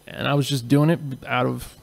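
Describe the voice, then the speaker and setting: A man's voice: medium pitch, little pitch movement, fairly quick, gravelly. A man, a father, talking bluntly and earnestly in casual conversation, with some swearing. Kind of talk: casual chat.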